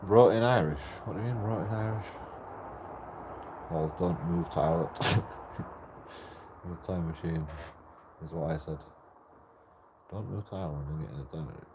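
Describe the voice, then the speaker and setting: A man's voice: low voice, moderate pace, pauses often, background noise. A man chatting casually with his live stream viewers, swearing freely and chuckling often.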